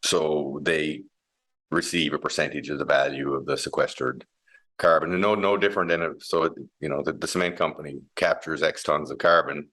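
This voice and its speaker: A man's voice: a bass voice, steady tone, brisk, sharp tone. A man who heads a mining company, explaining his ideas in a thoughtful interview with many restarts and fillers. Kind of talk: conversational interview.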